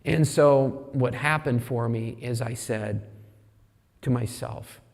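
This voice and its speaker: A man's voice: mid-range voice, takes it slowly, creaky. Man telling a sermon story in a reverberant church. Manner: candid, self-deprecating storytelling with animated quoted inner thoughts. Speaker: speaker at a church service. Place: church sanctuary. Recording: long hall reverb in a church.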